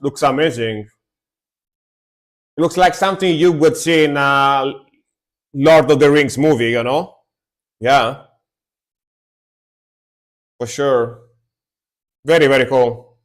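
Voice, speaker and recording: A man reacting to music on a live stream, speaking slowly in an easygoing way. He keeps doubling his words for emphasis, and his pitch stays mid-range. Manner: laid-back, repeats words for emphasis.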